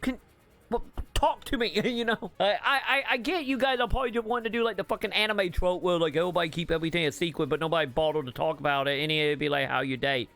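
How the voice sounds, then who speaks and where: A man's voice: high voice, steady tone, rapid-fire, creaky, hardly any pauses, bright, forceful tone, faint music behind. A man hosting a gaming channel, ranting casually about a game's story, rambling with fillers and restarts and swearing bluntly when exasperated.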